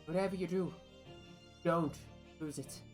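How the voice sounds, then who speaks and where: A woman voicing a scheming older male villain while reading game dialogue aloud, threatening and deliberate. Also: on the low side, a little mellow, soft background music, lightly acted. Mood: menacing.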